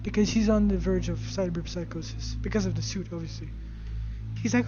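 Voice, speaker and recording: Animated, profane game recap voice. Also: mid-range voice, brisk, muffled recording, over music. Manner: animated and profane, with spoken sound effects. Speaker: gaming video creator. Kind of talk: casual game story recap.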